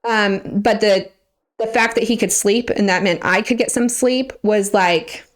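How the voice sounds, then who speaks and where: A young woman guest on a podcast tells her story with animated energy and sometimes acts out what other people said. Her voice sits at an average pitch for a woman. She keeps it conversational and personal. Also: a little slow. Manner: animated retelling, acting out others' words with laughs.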